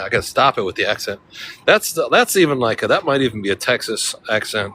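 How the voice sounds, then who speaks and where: A man's voice: medium pitch, very animated, fast, noisy background. A man from Central California chatting casually on a walking livestream, rambling and joking with a chuckle, out on city streets.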